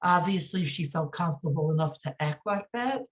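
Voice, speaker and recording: A woman with a low voice talks as a podcast guest and sounds indignant. She keeps stopping to restart her sentences and leans on repeated words for emphasis. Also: lively intonation. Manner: halting, many fillers and restarts. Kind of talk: emotional podcast interview.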